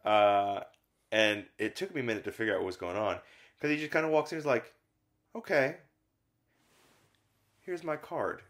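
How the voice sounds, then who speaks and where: A man's voice: lowish voice, expressive, quick pace, fairly bright tone. A man co-hosting a film review podcast, talking casually and rambling with many fillers, sometimes acting out lines from scenes. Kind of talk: casual conversational film discussion.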